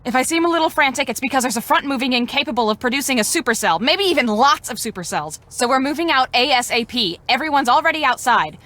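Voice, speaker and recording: Brief: a hurried, bossy woman storm researcher, high, bright game voice. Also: animated, a little hiss or hum. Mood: frantic. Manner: rushed, bossy, hurried instructions. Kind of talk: video game voice acting.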